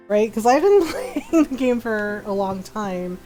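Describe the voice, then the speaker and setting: A woman's voice: mid-range voice, animated, normal speed, few pauses, warm tone, faint music behind. A woman streamer chatting casually while gaming, telling stories with a lot of laughter and acting out what people said. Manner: chatty storyteller, laughs often, acts out quotes.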